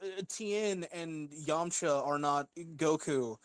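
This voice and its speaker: A man's voice: a little high, takes it slowly, clear, resonant tone, dry recording. A man co-hosting a casual gaming chat, making rambling arguments full of fillers.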